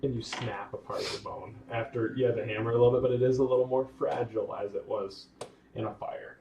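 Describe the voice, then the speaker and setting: A man running a tabletop game as game master, narrating in a relaxed, chatty way. His voice sounds set back from the mic in an echoey room. A faint hum of noise runs beneath. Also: mid-range voice, fairly quick, creaky. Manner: relaxed, conversational narration with fillers. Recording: roomy, distant mic, faint background noise.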